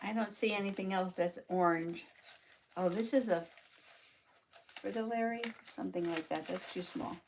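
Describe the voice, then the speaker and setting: A woman's voice: on the low side, moderate pace, gravelly, long pauses, slight background noise. A woman hosting a casual live journaling chat from her craft table, chatting to viewers by name and laughing often. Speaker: journaling channel host.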